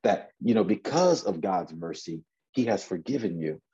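A man's voice: low voice, expressive, normal speed, mellow, slightly rough. Conversational forty-something man preaching, lo-fi. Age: 40s. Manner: conversational, repeats words and restarts, acts out voices in Bible stories. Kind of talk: sermon.

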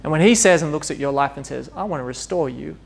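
A male preacher, speaking in a loose, chatty sermon style. His voice sits a little high for a man and has a gravelly, creaky edge. He breaks into laughs and acts out small dialogues as he talks. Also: quick pace, a little hiss or hum. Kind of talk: informal conversational sermon.

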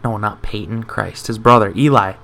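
A man's voice: fairly low pitch, fairly even intonation, moderate pace, gravelly, pushed and bright, a little hiss or hum. A young man hosting a sports show, chatting casually and rambling with self-deprecating asides. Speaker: sports podcast host.

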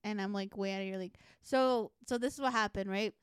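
Profane, animated young woman with a smooth voice. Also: mid-range voice, quick pace, no room sound, studio quality. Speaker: podcast co-host. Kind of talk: casual chat.

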